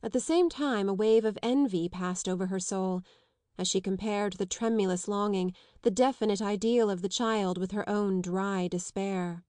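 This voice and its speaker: A woman narrating a classic novel as an audiobook, reading steadily and clearly. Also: mid-range voice, normal speed, darkish tone, dry recording, studio quality. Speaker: audiobook reader. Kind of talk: scripted literary narration.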